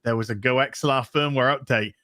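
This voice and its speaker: A man's voice: medium pitch, fairly quick, no room sound. Male co-host, breathless, rambling storyteller, dry close mic. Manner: rambling, animated storytelling with many restarts. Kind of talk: casual livestream chat.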